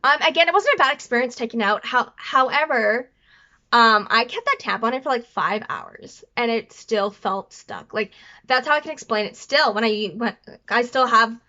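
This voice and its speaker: A woman chats to camera in a bright, forward voice that sits a little high. She rambles, trips over her words and apologizes as she goes, and the recording sounds somewhat dull and lo-fi. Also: normal speed. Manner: rambling, stutters and restarts. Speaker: vlogger. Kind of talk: casual storytelling to camera.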